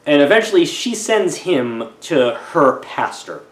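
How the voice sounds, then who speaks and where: A man giving a casual, wry film review, digressive and halting, in a roomy echoey room. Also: fairly high pitch, big pitch swings.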